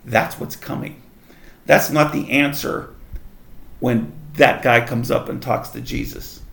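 A man's voice: mid-range voice, steady tone, measured pace, vocal fry, fairly bright tone, roomy sound. A man leading a casual Bible study, reading verses aloud and explaining them in a conversational way. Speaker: Bible teacher.

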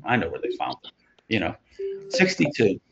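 A man's voice: on the low side, huge pitch swings, moderate pace, gravelly, lo-fi sound, background noise. A man leading an informal Bible study, talking conversationally with chuckling asides as he reads and explains scripture.

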